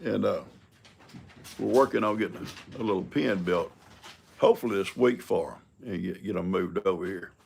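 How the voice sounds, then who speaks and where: Older guy, real gravelly husky voice, just rambling on a live stream about his critters. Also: sits low, normal speed, a little mellow. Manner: folksy, rambling and chuckling, talks to his cats. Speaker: livestream host. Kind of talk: casual live-stream chat.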